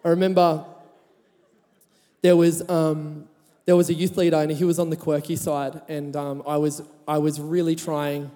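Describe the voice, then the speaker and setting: A man's voice: fairly high pitch, little pitch movement, moderate pace, mellow. A man preaching a sermon, chatty and laughing as he tells a story, then rising to emphatic points. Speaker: pastor. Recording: long hall reverb.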